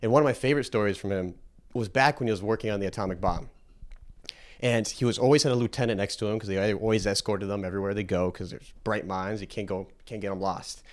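Animated man telling a story. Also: on the low side, fast talker. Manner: animated, acts out characters with a put-on accent. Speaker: speaker telling a story about a scientist. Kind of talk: casual storytelling talk.

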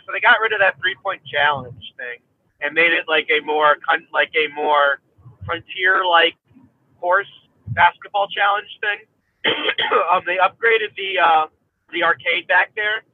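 Guy w a higher voice rambling on a tinny phone-ish line, hiccuping, lots of ums. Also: no echo. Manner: rambling, many fillers and restarts. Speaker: guest. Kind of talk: casual chat.

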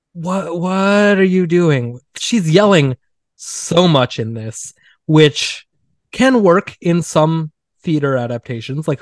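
A man's voice: medium pitch, no room sound, clean studio sound. A man hosting a casual film podcast, chatty and wry, full of "like"s and mocking quoted line readings. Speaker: podcast host.

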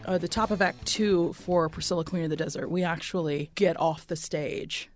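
A woman's voice: lowish voice, fairly even intonation, moderate pace, soft background music. A woman guest telling a playful, self-mocking story about performing onstage. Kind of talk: casual anecdote.

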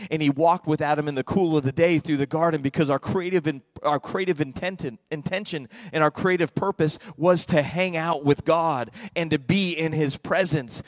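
A middle-aged pastor preaching with lots of energy, his voice on the high side for a man. He drops low and quiet to draw the room in, then builds to loud, excited peaks. The sound is close and dry, with little room echo. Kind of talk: sermon.

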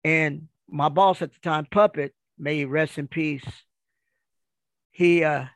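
High-voiced gravelly guy rambling through a story, dry close sound. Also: slow pace, dry recording. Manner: rambling, animated retelling with quoted dialogue. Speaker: guest storyteller. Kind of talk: casual storytelling.

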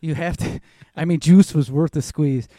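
A man's voice: fairly high pitch, fairly even intonation, moderate pace, warm tone, no room sound, clean studio sound. A man telling loose, rambling stories in casual chat, swearing now and then.

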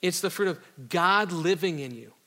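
A man's voice: sits high, lively intonation, normal speed, bright, forceful tone. A middle-aged man from Iowa preaching a sermon as a pastor, conversational and joking, with casual slang. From Iowa, USA. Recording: reverberant hall.

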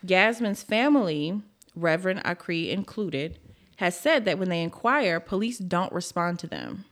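A woman's voice: lowish voice, lively intonation, a little slow, fairly bright tone. A woman hosting a casual true crime podcast, telling the case bluntly with frank, profane asides.

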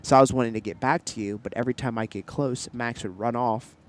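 A young man co-hosting a casual podcast, telling animated stories and trying out silly accents. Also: mid-range voice, fast talker. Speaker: podcast co-host. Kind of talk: casual chat.

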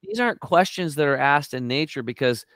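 A middle-aged man telling stories in a lively interview, acting out quotes with sudden jumps in his voice. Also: a little fast, dry recording. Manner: animated storyteller, acts out quotes with big pitch jumps. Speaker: guest on a health talk show. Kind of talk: energetic conversational interview.

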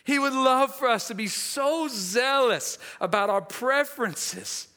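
A man preaching a sermon in an animated way, acting out dialogue from the story and laughing at his own asides. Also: very high-pitched, unhurried.

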